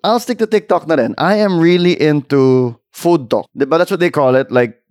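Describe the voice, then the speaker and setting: A man's voice: fairly high pitch, normal speed, darkish tone, no echo, clean studio sound. A man with a Filipino accent co-hosting a podcast, chatting casually and switching between English and Tagalog. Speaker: podcast co-host. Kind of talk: casual chat.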